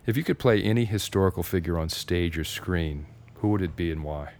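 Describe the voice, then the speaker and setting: A man's voice: low-pitched, brisk, darkish tone, slight background noise. A man hosting an interview show, introducing his guest and asking questions in a friendly, joking way. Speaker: interview host. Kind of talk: radio-style interview.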